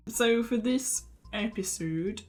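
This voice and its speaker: A woman's voice: fairly high pitch, slow pace, faint music behind. A woman hosting a casual comedy chat, reading garbled translated text aloud while trying not to laugh. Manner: giggly, stumbling over the garbled lines. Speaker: host.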